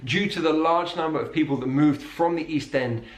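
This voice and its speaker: British male narrator, clear and explanatory, roomy sound. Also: on the high side, brisk, a crowd in the background. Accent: British English. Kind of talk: scripted narration.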